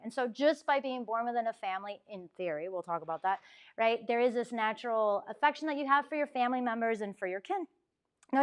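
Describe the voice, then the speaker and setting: Chatty woman giving a lively faith talk. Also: fairly high pitch. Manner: chatty, acts out quotes, frequent "right?". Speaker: campus ministry speaker.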